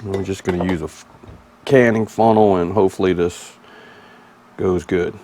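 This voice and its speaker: A man with a Mississippi Southern accent hosts a relaxed cooking vlog. His voice sits a bit low, and his folksy, easygoing manner keeps the chat loose and friendly. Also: moderate pace, a little hiss or hum. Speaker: cooking channel host.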